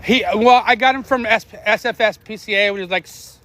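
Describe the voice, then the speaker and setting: A middle-aged man chatting casually while walking his dogs outdoors, rambling, swearing freely and barking quick commands at the dogs. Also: high voice, sharp tone. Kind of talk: casual live-stream chat. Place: outdoors on a neighborhood walk.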